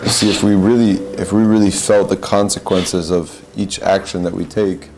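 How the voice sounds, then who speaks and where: A man's voice: low voice, fairly even intonation, moderate pace, a little mellow, soft background music, rough recording. A man giving a reflective spiritual talk in an earnest, searching way, often repeating and restarting his phrases. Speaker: podcast host.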